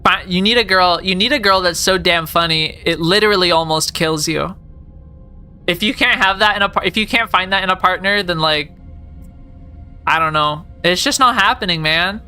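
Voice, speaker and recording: A woman in her late twenties rambles through silly stories on a live game stream, sprinkling "like" everywhere and playing up the jokes. Her voice is bright and sharp. Faint music plays under her. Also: lowish voice, normal speed. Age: late 20s. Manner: rambling, jokey, heavy use of "like". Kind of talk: casual live-stream chat.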